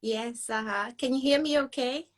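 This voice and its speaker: A woman's voice: on the high side, normal speed. A woman with a Scottish accent, a guest in a casual podcast interview, speaking in a chatty, easygoing way.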